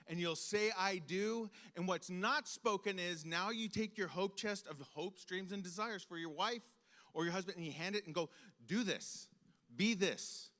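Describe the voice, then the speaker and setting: A man's voice: high-pitched, normal speed, bright, forceful tone. A young man telling a story from his childhood to a room of students, acting out the voices in it. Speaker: speaker to students. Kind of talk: storytelling talk. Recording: long hall reverb.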